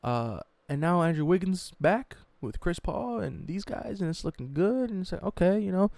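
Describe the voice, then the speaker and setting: Man, gravelly voice, dry close sound, cursing sports recap, animated mocking tone. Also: sits high, moderate pace, dry recording. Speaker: sports YouTuber. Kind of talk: comedic sports storytelling.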